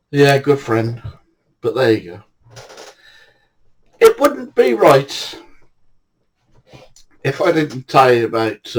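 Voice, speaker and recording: Older man, casual storyteller, blunt, swears a lot, mid-pitched voice. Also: rough recording. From England. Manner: blunt, swears freely, lively retelling. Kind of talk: casual spoken anecdotes.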